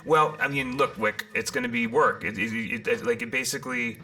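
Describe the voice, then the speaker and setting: A man hosting a live-streamed tarot reading, theatrical and rambling, with loud bursts, muttered asides and many restarts. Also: mid-range voice, steady tone, a little fast, faint music behind. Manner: rambling with frequent restarts and fillers.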